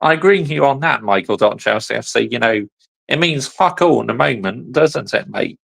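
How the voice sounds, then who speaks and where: A man's voice: mid-range voice, lively intonation, normal speed, creaky, fairly bright tone, slightly rough, rough recording. A man hosting a football channel, chatting casually in short asides as he reacts to a fan's video. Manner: laid-back, chatty, answering the clip in short asides.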